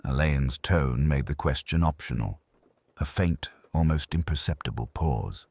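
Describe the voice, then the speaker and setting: A man narrating a classic detective mystery in a measured, expressive reading. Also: a bass voice, slightly rough, dry recording. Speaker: audiobook narrator.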